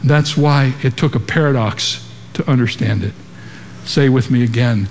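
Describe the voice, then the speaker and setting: A man's voice: medium pitch, a little slow, darkish tone, a little hiss or hum. A man preaching a sermon to a congregation in a large church, using emphatic rhetorical questions. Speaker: pastor. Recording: long reverb of a large hall.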